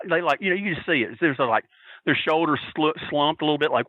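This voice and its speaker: Excitable guy telling a wild story, cusses a lot, dry close sound, a bit high. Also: brisk, no echo, narrow, tinny audio. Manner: profane, excitable, acts out quotes. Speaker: podcast guest. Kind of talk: animated storytelling.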